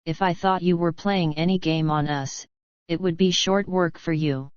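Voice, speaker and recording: A woman reading the lines of a gruff, suspicious male lodge boss with a blunt, hot-tempered manner, in a dull lo-fi recording. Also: lowish voice, steady tone, normal speed, dry recording, lightly acted.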